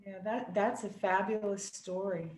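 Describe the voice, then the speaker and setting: A woman guest tells personal stories in an earnest, reflective voice. Her pitch is middling, and the room around her gives a noticeable echo. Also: fairly even intonation, unhurried, a little mellow. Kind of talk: casual conversation.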